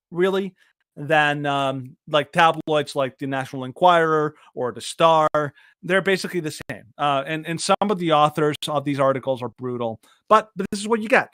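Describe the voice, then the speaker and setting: A man cohosts a podcast in a loose, energetic, ranting way. His voice sits a bit high for a man. The recording is dry and close, with no room sound. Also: no echo. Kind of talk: casual chat.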